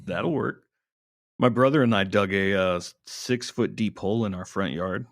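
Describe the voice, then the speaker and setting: A man's voice: on the low side, moderate pace, gravelly, no echo, clean studio sound. Blunt, profane man in casual chat. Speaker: podcast co-host.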